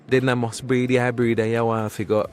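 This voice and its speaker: A man voicing a wisecracking Jamaican cab driver who teases his passenger with slow, drawn-out jabs in an animated cartoon. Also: medium pitch, a little hiss or hum, lightly acted. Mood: mocking. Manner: teasing, drawn-out patois jabs. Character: wisecracking male cab driver, mocking and nosy.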